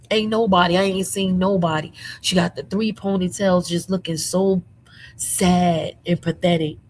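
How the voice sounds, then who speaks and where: A woman hosting a casual commentary show from her room at home, sassy and animated with lots of slang, a little under the weather. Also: fairly low pitch, slight background noise, low-quality recording. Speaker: commentary channel host.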